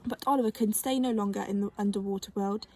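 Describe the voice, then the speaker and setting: A woman reading a children's novel aloud with gentle, expressive storytelling. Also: medium pitch, fast. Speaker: narrator.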